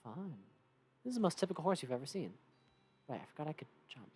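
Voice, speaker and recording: A woman's voice: sits low, big pitch swings, fast talker, mellow, slightly rough. A woman streamer casually commenting on a game and reading its text aloud, playful and chatty.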